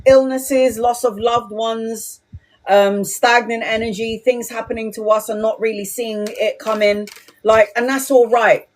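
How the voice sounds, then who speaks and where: Woman tarot reader, middle-aged, blunt, swears freely, animated, fairly high voice. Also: moderate pace. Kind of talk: live tarot reading.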